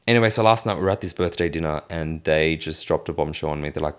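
A man's voice: very deep voice, fast talker, hardly any pauses. A man in his thirties venting in a casual vlog rant, indignant and swearing freely. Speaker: vlogger.

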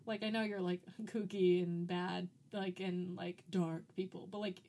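A woman's voice: on the low side, fairly even intonation, a little slow, creaky, a little mellow. A woman co-hosting a podcast in casual chat, talking loosely with lots of "like" fillers and easy laughs. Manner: chatty, frequent "like" fillers, laughs easily. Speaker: podcast co-host.

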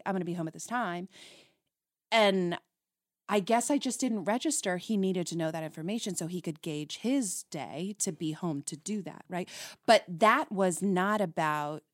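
A woman's voice: medium pitch, dry recording. A woman chatting on a relationship podcast, telling a story with lots of back-and-forth voices for herself and her partner. The sound is close and dry, with no room behind it. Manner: animated storyteller acting out both sides of arguments. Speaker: podcast co-host. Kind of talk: casual chat about relationships.

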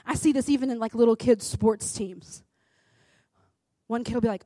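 A woman's voice: on the high side, normal speed, dark tone, dry recording. A woman in her thirties giving a conversational sermon, chatty and often asking "right?", then turning emphatic and fervent. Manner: emphatic, rises to fervent urging. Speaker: devotional speaker.

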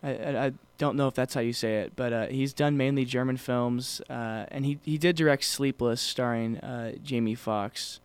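A man's voice: medium pitch, steady tone, moderate pace, hardly any pauses, clean tone. A man co-hosting a podcast in casual chat, rambling with many fillers and restarts. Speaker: podcast co-host.

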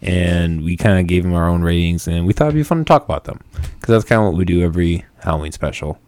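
Low-voiced joking male podcast host. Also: fast talker, darkish tone, no echo. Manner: jokey, self-mocking, laughs often. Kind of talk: casual chat.

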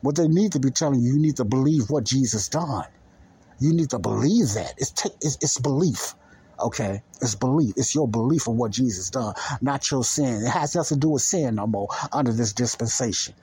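A man preaches to his podcast listeners in a husky, slightly rough voice. He hammers his points home by repeating them, speaking in loose everyday grammar and a direct, conversational way. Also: mid-range voice, a little fast, mellow. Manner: emphatic, repetitive, conversational, colloquial grammar.

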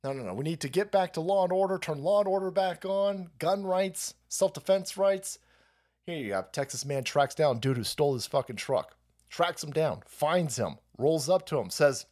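Brief: male live-stream ranter, swears a lot, slightly high voice with a lively, swooping pitch. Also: moderate pace. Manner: profane, rambling and mocking, often laughing. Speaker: political streamer. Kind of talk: ranting live-stream commentary.

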